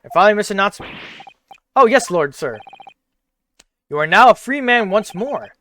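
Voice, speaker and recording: A man voicing a formal British judge who delivers his ruling in measured, stately words. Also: high voice, sing-song, pushed and bright, a little hiss or hum, heavily acted. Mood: solemn.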